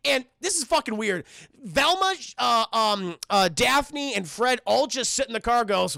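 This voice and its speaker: A man's voice: high voice, animated, brisk, gravelly, sharp tone, no room sound, clean studio sound. A man casually recapping a cartoon episode for his live chat, rambling and profane, talking straight to the viewers. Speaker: streamer reviewing a cartoon.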